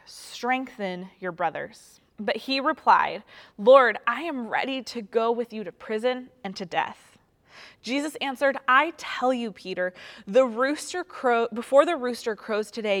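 A young woman teaching from the Bible in a casual, chatty way, telling stories with playful asides. Her voice sits fairly high. A long reverb trails behind her words. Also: animated, moderate pace, fairly bright tone.

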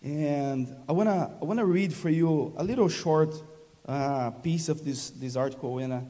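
A man from Brazil preaching a sermon in halting English with a Brazilian accent, often restarting phrases and calling for amens. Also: on the high side, warm tone, big-room sound. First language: Portuguese. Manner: halting, many restarts, laughs often, invites call-and-response. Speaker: guest preacher.

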